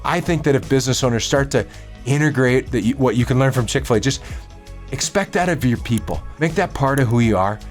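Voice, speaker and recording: A man giving a solo business coaching talk, upbeat and emphatic, with lively swings in pitch. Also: brisk, faint music behind.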